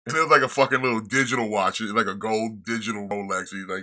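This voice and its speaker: A man with a fairly low voice and a bright, forceful edge talks in a loose, casual way. He tells a story in a rambling, profane manner, with frequent restarts. It sounds like a laid-back podcast host chatting. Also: steady tone, fast. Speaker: podcast host reviewing a show. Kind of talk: casual chat.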